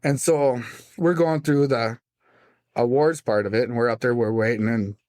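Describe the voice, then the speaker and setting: A man, a guest pitmaster, telling his story in casual, animated chat on a studio podcast. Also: medium pitch, moderate pace, no room sound. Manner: animated, acts out voices in his stories.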